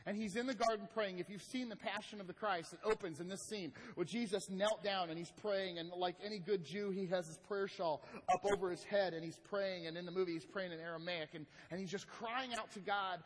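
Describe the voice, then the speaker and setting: A man preaching a sermon as pastor, swinging from loud emphatic lines to hushed, slow ones. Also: sits high. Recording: long hall reverb.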